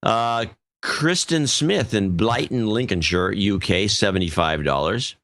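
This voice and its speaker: A man's voice: lowish voice, unhurried, a bit bright, dry recording. A male podcast co-host in casual chat, reading out donor names in an offhand way and stumbling over some of them.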